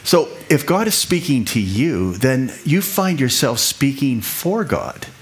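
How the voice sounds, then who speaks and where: A middle-aged man preaching in a loose, conversational style. His voice sits at an ordinary pitch, and he often repeats a phrase before moving on. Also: big pitch swings. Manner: conversational, repeats himself, quick asides and laughs. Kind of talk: sermon teaching.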